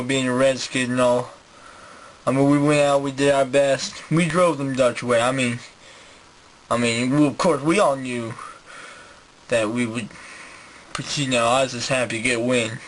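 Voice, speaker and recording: A man voicing a modest, laid-back Native American man in a comedy sketch, in a deep drawl. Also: steady tone, normal speed, slight background noise, lightly acted, poor audio. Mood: relaxed.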